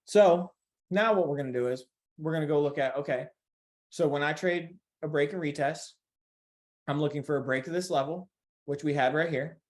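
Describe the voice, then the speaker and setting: A man's voice: a little high, moderate pace. A man giving a casual screen-share lesson on trading, talking in a loose, repetitive way and speaking directly to his viewers. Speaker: trading instructor.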